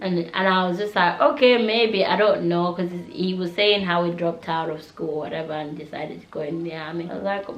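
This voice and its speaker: A young woman spills her news to camera in a casual, slangy vlog voice that sits slightly low. She laughs easily between phrases. The room around her rings with echo. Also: a bit bright. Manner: chatty and slangy, laughing often. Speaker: vlogger.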